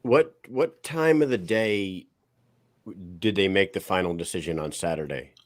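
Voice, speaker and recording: A man's voice: low-pitched, unhurried. A man co-hosting a casual podcast, asking blunt questions with a bit of swearing. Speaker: podcast co-host.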